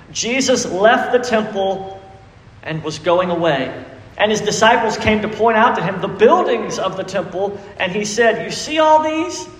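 A man's voice: high voice, fairly bright tone. A man preaching a sermon, emphatic and full of questions to the congregation. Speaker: pastor. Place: church sanctuary. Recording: echoey reverberant church hall.

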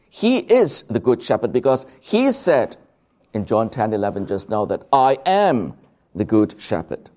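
Slow, emphatic preacher man. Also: mid-range voice, a little mellow. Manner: slow, emphatic, drawing out key words. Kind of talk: sermon.

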